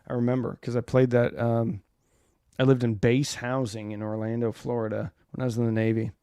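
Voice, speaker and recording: A man's voice: mid-range voice, flat delivery, brisk, dark tone, clean tone, dry recording, studio quality. A man in his forties hosting a casual live stream, rambling loosely and answering viewer comments.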